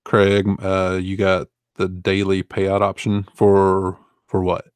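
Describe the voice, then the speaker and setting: A man's voice: low-pitched, completely flat delivery, slow, smooth, dry recording. A man in his forties, an online reseller, chatting casually and rambling through viewer questions with easygoing fillers and chuckles. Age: 40s. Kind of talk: casual live Q&A chat.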